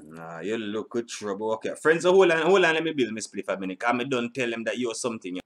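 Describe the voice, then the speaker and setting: A man's voice: medium pitch, sing-song, fairly quick, a bit bright. A middle-aged man, hosting a reaction video in a rambling, casual way, repeating himself and swearing now and then. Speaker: reaction channel host.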